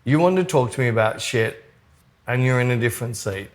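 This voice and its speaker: A man's voice: mid-range voice, brisk. A man co-hosting a podcast, blunt and opinionated, swearing casually as he talks. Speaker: podcast co-host. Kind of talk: casual chat.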